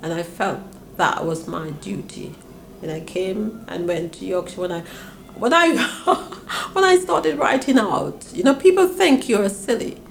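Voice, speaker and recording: An older woman from Grenada reminisces about her past in an interview, speaking unhurriedly in a creaky voice over slight background noise. She tells her stories with animation, acting out her parents' voices with big swings in pitch.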